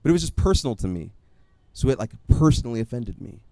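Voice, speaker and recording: A man preaching a sermon in a conversational, animated storytelling way, often acting out his own asides. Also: mid-range voice, fast, no room sound. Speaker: pastor.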